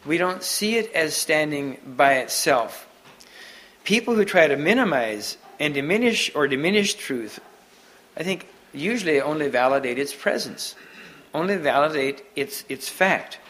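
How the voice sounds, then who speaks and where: A man giving an unscripted sermon to a Mennonite congregation, halting often and restarting his sentences. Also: on the high side, a bit bright, low-quality recording. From Mennonite community. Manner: halting, many restarts and repeated words. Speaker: preacher.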